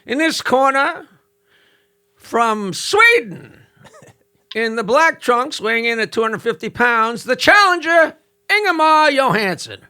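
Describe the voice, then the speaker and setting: A man's voice: extremely high pitch, very animated, takes it slowly, bright, forceful tone, smooth, voice pushed up, full character voice. A man voicing a grand male boxing ring announcer, drawing out each introduction. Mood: grandiose.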